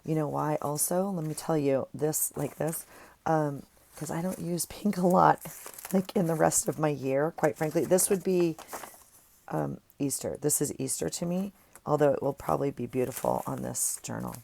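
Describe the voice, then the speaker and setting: A craft vlogger sits at her desk chatting to viewers in a rambling, friendly way, recorded on an earphone mic. Her voice sits low and is gravelly and dark-toned, at a moderate pace.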